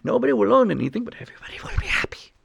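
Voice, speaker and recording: A man's voice: very high voice, big pitch swings, rapid-fire, creaky, breathy edge, pitched above the performer's own voice, full character voice. A man doing a smug cartoonish villain, menacing and half-whispered. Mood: sinister. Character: sinister male global supervillain type.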